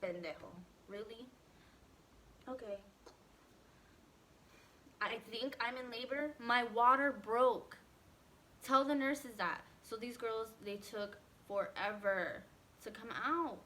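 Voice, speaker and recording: Animated woman telling a story. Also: fairly high pitch, slow, long pauses, a little hiss or hum. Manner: animated, acts out quotes, many "like" fillers. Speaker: vlogger. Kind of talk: casual storytime.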